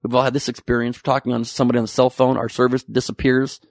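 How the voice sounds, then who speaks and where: Male comedian, sarcastic and profane, gravelly edge, dry close sound. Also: medium pitch, little pitch movement, rapid-fire, no echo. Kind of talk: topical comedy monologue.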